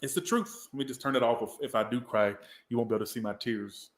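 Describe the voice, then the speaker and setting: A man's voice: mid-range voice, fairly even intonation, fast, reverberant. A man from the Southern US, giving a casual, rambling tarot reading and swearing now and then. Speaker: tarot reader.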